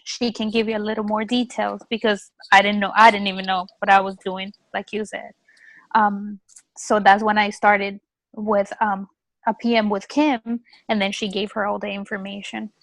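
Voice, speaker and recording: A woman on a group video call telling a story in a soft, chatty way. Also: medium pitch, no room sound, poor audio. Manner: soft, chatty, laughs often. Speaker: team member on a call.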